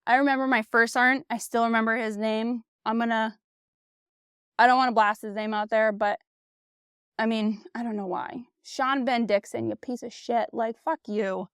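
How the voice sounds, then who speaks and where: A woman in her thirties hosts a solo podcast, speaking with a somewhat high, smooth, clear voice. She is candid and blunt, swears freely, and leans on "like" and "you know". The sound is dry and close, with no room in it. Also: fairly even intonation, moderate pace, fairly bright tone, dry recording. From United States. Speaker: podcast host. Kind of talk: casual solo podcast monologue.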